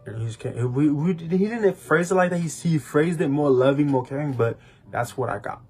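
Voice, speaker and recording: A man's voice: a little high, animated, normal speed, darkish tone, breathy edge, soft background music. A young man co-hosting a podcast, telling his personal testimony in a rambling, casual way with many restarts. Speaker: podcast co-host.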